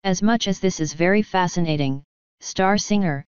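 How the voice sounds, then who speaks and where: A hurried pony princess, read by a woman, urgent and firm. The voice is very smooth and a little low, recorded dry and slightly dull. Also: dry recording, close to an everyday voice.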